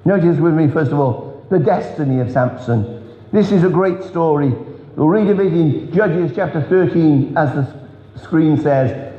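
A man preaching an earnest revival sermon, telling stories with emphatic pauses. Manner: earnest, storytelling, emphatic drops in pitch. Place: large church hall. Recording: echoey church hall, dull sound.

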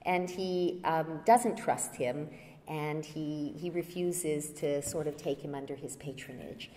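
Slow-spoken woman lecturing in a hall. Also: low-pitched, warm tone, slight background noise. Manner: storytelling, retelling a play scene with hesitant fillers. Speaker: guest lecturer. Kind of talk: public lecture.

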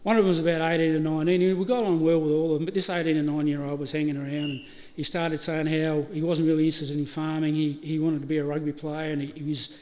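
A man's voice: fairly high pitch, flat delivery, fast, hardly any pauses, darkish tone. A middle-aged Australian man giving a eulogy, telling funny stories with laughter and acting out the dialogue. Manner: anecdotal, laughing, acts out dialogue. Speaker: eulogy speaker. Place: funeral service hall. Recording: reverberant hall, faint ambient noise.

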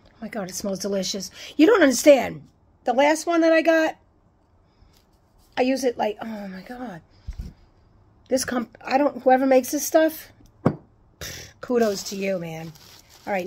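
A woman chatting casually as she unboxes and reads out items, gushing, excitable and swearing freely. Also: fairly high pitch, breathy edge. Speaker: unboxing vlogger.

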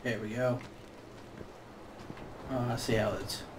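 A man's voice: mid-range voice, takes it slowly, background noise. A man giving casual, swearing commentary while playing a video game. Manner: swears freely, muttering with sudden excited outbursts. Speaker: let's play gamer.

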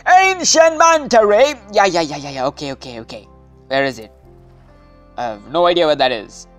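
A woman giving casual gameplay commentary, excitable and anxious, often calling out "dude". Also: extremely low pitch, fairly quick, soft background music. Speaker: gaming video host.

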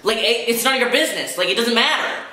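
Animated and quick, with a pushed, bright mid-range voice, the US young adult vlogger fires off a frustrated, swear-filled rant in bursts. Heavy echo fills the recording.

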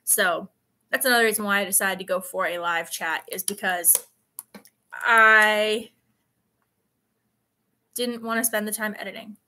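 A woman's voice: mid-range voice, fairly even intonation, unhurried, long pauses, sharp tone. A woman in her late twenties chatting casually on a live stream, telling rambling stories with plenty of fillers. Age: 20s. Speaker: vlogger.

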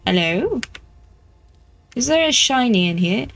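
A woman chatting playfully as she plays a video game, easily excited. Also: on the high side, unhurried, gravelly, slight background noise. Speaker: gameplay streamer. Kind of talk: casual gameplay commentary.

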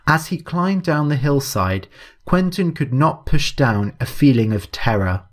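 A man narrating a story in a measured, even, scripted way. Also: on the high side.

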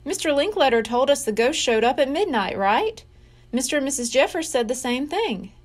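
A bossy, eager young girl speaks up in a bright, raised voice, as a woman reading a storybook puts her on. She talks high and firm, like a kid who takes charge. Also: sing-song, normal speed. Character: bold, bossy young girl full of plans.

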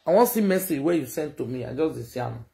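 A woman with a Nigerian Pidgin accent hosting a gossip reaction video, scolding and mocking with sudden shouts. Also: low-pitched, expressive, fast, vocal fry. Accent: Nigerian Pidgin English. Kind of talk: animated reaction commentary.

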